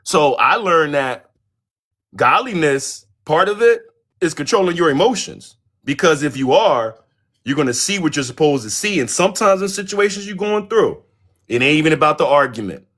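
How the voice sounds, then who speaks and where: Easygoing guy on a podcast, calm and thoughtful, takes his time. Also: fairly high pitch, moderate pace. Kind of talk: casual group chat.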